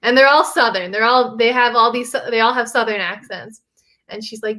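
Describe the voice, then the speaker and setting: A woman's voice: on the high side, fairly even intonation, normal speed, a bit bright. A young woman co-hosting a book club discussion, rambling through a retelling with hesitant fillers. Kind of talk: casual chat.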